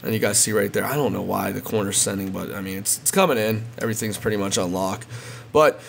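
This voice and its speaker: Casual man with a lowish voice, gameplay tutorial, faint hiss behind. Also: steady tone, quick pace, gravelly. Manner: repetitive, addresses viewers as guys. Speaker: gaming video creator.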